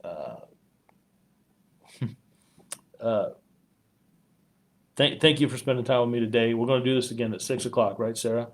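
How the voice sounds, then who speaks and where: A man, a police chief, talking warmly and haltingly on a live community stream, choked up at times and full of fillers. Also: mid-range voice. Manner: heartfelt, rambling, frequent fillers. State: choked up with emotion.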